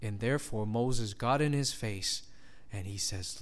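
A man's voice: lowish voice, a little slow. A man preaching a sermon, reading scripture aloud and acting out the quoted voices with animation. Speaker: pastor.

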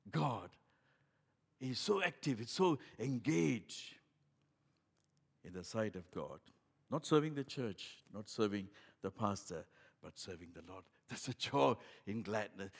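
Impassioned preacher swinging loud and soft. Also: male voice, animated, measured pace, husky. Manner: swings from loud emphatic bursts to quiet low asides; repeats phrases and restarts with "in other words". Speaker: pastor. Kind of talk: sermon.

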